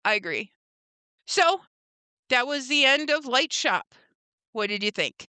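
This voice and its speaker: A woman's voice: high voice, sing-song, measured pace, pushed and bright, no room sound. A young woman co-hosting a podcast, recapping a TV episode in casual chat and acting out the characters' lines with lots of "like" and "um.". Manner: retells scenes by voicing the characters, lots of "like" and "um". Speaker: podcast co-host.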